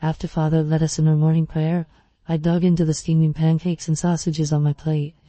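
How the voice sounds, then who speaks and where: Horror storyteller with an even, measured read, very dark tone and a monotone delivery. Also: medium pitch, no room sound. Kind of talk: scripted first-person story narration.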